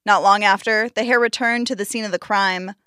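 Expressive woman storyteller. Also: mid-range voice, fairly quick, clear, resonant tone, dry recording, studio quality. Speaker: storyteller and show host. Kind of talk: storybook narration.

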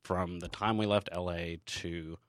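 A man with a somewhat low voice tells a travel mishap in relaxed conversation. He slips into voices for the people he quotes, getting louder and livelier. The sound is dry and close. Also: measured pace, no echo. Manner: animated storyteller, acts out quoted people. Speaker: guest telling a travel story. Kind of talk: casual chat.

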